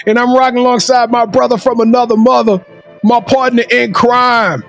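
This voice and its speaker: Very high-pitched, gravelly hype-man host. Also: fairly even intonation, moderate pace, soft background music. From Louisiana, USA. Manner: loud, showy hype-man delivery with sing-song shouts. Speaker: podcast host. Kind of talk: hype sports podcast hosting.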